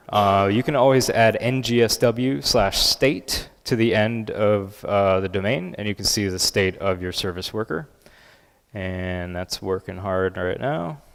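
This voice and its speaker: A man giving a live conference talk and software demo, casual and upbeat with many filler words. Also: lowish voice, clear, resonant tone. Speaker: conference speaker. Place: large conference hall. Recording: reverberant conference hall.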